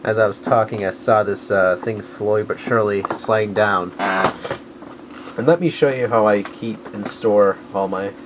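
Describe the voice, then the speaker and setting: Rambling man with a lowish voice. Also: normal speed, noisy background. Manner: rambling, self-correcting, crude jokes. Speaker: video game collector vlogger. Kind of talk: casual rambling vlog.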